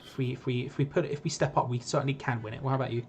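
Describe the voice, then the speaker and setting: A man's voice: medium pitch, steady tone, rapid-fire, very noisy. A man co-hosting a live football watch-along, chatty and upbeat as he promotes his content. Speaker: watch-along co-host and podcaster. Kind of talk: casual live stream chat.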